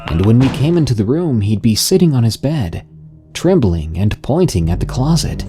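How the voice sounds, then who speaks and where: A man narrating a scary story in a slow, even, scripted storytelling delivery. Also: fairly low pitch.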